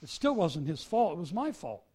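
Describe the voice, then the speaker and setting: A male preacher giving a sermon, swinging from soft confession to loud emphasis. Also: fairly high pitch, big pitch swings, moderate pace, slightly rough.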